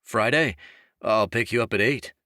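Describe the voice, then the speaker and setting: A male audiobook narrator voicing a steady young officer who asks someone out in an earnest, measured way. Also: on the low side, no room sound, clean studio sound. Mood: hopeful. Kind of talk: audiobook character voice.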